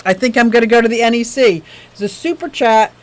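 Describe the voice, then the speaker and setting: A woman hosting a live stream for her aquarium channel, reading viewer tips in casual chat, gushing and excitable, laughing often. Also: on the high side, quick pace, rough recording.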